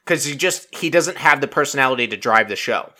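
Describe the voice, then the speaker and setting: A man's voice: medium pitch, animated, fairly quick, pushed and bright. A man chatting casually and rambling through a TV recap, packing his talk with fillers and swearing freely. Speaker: reality TV recap vlogger. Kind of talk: casual chat.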